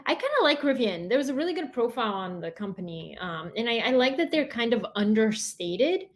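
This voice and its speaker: A woman guest on a podcast, chatting casually with playful, quick comebacks. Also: a little high, sing-song. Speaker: guest co-host. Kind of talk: casual chat.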